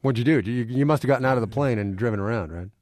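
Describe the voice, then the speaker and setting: A man's voice: mid-range voice, rapid-fire, a little mellow, dry recording, studio quality. A male radio host introducing and interviewing a guest in a conversational way, with a few restarts when he asks questions.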